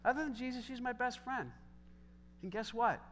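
A middle-aged male pastor preaching a sermon, animated, moving between loud exhortation and soft, conversational storytelling with joking asides. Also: extremely high pitch, normal speed, slight background noise.

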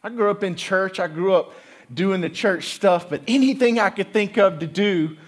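A young man giving a lively youth ministry talk, telling stories and drawing the crowd into call-and-response. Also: high voice, normal speed. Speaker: youth speaker.

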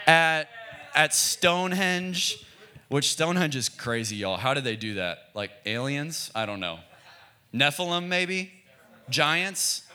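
A man's voice: medium pitch, bright, forceful tone. A young American man preaching a sermon in a casual, joking way, asking the congregation to repeat phrases back. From United States. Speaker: pastor.

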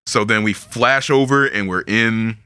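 Male podcast host: bright, dry-sounding voice, loose swearing banter with frequent laughs. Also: on the low side, unhurried, smooth, dry recording. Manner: animated, swears constantly, laughs often. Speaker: podcast host recapping a manga. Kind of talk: casual chat.

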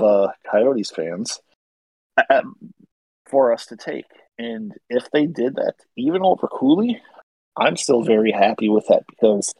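A man's voice: medium pitch, husky, dry recording, rough recording. A man co-hosting a casual sports podcast, talking eagerly and gushing about players he likes. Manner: enthusiastic, gushing about prospects. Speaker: podcast co-host. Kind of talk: casual hockey podcast chat.

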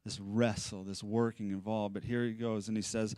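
A man preaching a conversational sermon at a live-streamed church service. He is animated and chatty, with self-deprecating asides. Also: on the low side, moderate pace, few pauses, clean tone, no echo. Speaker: pastor.

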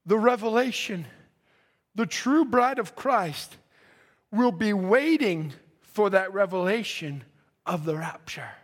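A man preaching a fervent sermon in a church, his impassioned delivery swelling into shouts. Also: high voice, animated, takes it slowly. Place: church sanctuary.

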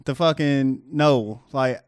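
A man's voice: medium pitch, takes it slowly, clean tone, no echo, studio quality. A man co-hosting a casual podcast chat, joking, needling and often laughing. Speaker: podcast co-host.

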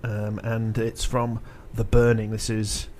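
A man hosting a casual radio-style chat, relaxed and talkative, with fillers as he links segments. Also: fairly low pitch, slow pace, a little hiss or hum. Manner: relaxed, chatty, hesitant fillers. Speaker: host.

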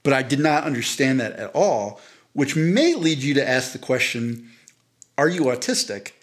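A man's voice: mid-range voice, sing-song, normal speed. A man casually telling a long, self-deprecating story on a podcast, rambling with many restarts. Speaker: podcast co-host.

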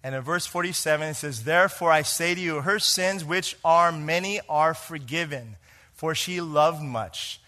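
A pastor delivers a sermon in a fairly high voice at a moderate pace. He shifts between hushed lines and emphatic ones and poses questions to the congregation.

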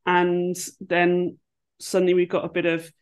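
A woman, a podcast guest in casual chat, telling rambling, animated stories. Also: on the low side, measured pace, smooth.

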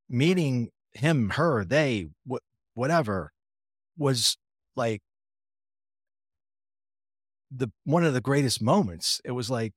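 This interview guest, whose voice sits on the low side, shares his life story casually, relaying other people's words, restarting often, and slipping in dry jokes at his own expense. It's studio quality with no room sound.

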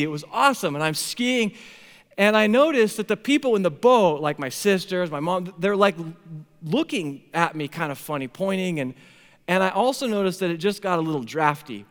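A man preaching a sermon as pastor, telling stories with big swings between loud excitement and hushed, quiet moments. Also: high-pitched, smooth. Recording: long hall reverb.

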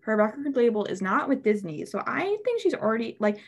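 A woman's voice: a little high, sing-song, a little fast. A young woman co-hosting a podcast in casual chat, upbeat and full of fillers like "okay". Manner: chatty, upbeat, fills with "like" and "okay". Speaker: podcast co-host.

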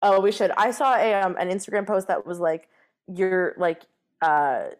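A woman co-hosting a podcast in casual chat, animated and full of fillers and swearing. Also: mid-range voice, normal speed. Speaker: podcast co-host.

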